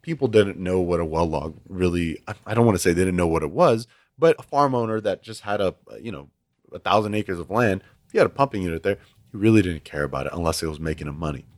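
A man's voice: low voice, fast, a little mellow, no room sound, clean studio sound. A man in his twenties chatting casually as a podcast guest, rambling through stories with frequent restarts. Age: 20s. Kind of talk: casual chat.

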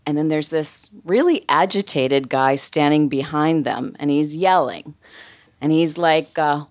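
A woman's voice: low-pitched, a little slow. A woman telling a funny personal story in a chatty way, full of "like" fillers. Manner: chatty, comic, many "like" fillers.

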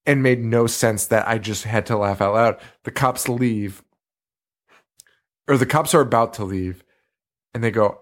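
A man's voice: on the low side, measured pace, pauses often. A man co-hosting a podcast, rambling through a movie review in casual chat and swearing freely in exasperated, sarcastic asides. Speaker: podcast co-host.

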